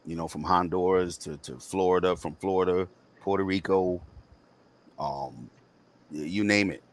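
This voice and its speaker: A man's voice: sits low, steady tone, normal speed, a little hiss or hum. A man in his fifties with a nasal voice, hosting a casual talk stream and rambling through memories with frequent restarts. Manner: rambling, self-correcting, laughs often. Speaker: podcast host. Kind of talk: casual chat.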